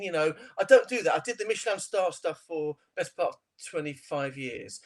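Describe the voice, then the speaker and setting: A middle-aged man with a high voice that leaps all over the place as he spins his anecdotes. He laughs often and keeps the chat light and animated, like a seasoned TV chef sitting down as a guest. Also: fairly quick, few pauses. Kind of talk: casual interview chat.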